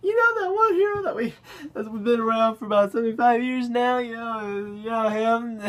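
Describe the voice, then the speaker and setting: A man's voice: extremely high pitch, moderate pace, a bit bright, pitched above the performer's own voice. A man voicing a stoned, dopey male writer who drawls and giggles.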